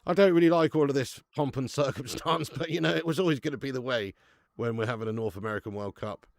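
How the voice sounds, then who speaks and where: A man's voice: mid-range voice, fast talker, creaky, dry recording, studio quality. A man hosting a live football watch-along stream, chatting laddishly with viewers and laughing often. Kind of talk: live stream chat and match commentary.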